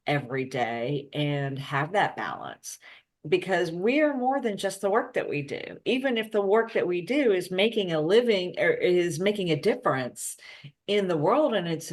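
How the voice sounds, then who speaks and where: Low-voiced earnest woman host. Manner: earnest and reflective. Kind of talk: interview conversation.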